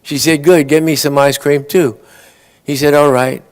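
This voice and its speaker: A man's voice: a little high, little pitch movement, moderate pace, clear, resonant tone. Folksy man telling jokes. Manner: folksy, tells long stories and briefly acts out the characters' lines. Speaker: after-dinner joke teller. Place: conference awards ceremony.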